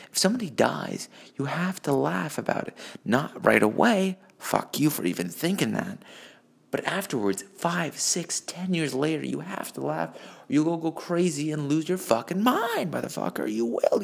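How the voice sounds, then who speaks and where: A man's voice: mid-range voice, vocal fry. A man recording a rambling solo rant on a phone, profane and breaking off mid-thought. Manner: profane, rambling, self-interrupting. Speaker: vlogger.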